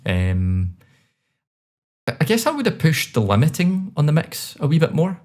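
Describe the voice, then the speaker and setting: A man with a Scottish accent co-hosting a podcast, reviewing songs in a relaxed, chatty way with many fillers. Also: on the high side, moderate pace. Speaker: podcast co-host. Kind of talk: casual chat.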